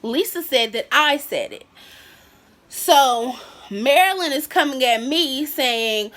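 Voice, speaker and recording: A young woman vlogger telling a high school story in a casual, animated way, acting out what people said. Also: slow. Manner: animated, acts out quotes.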